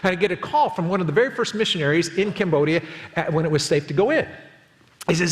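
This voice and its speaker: A man in his fifties preaching a sermon as pastor, telling a story with lively acted quotes. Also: high voice, quick pace, in a large hall. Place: church auditorium.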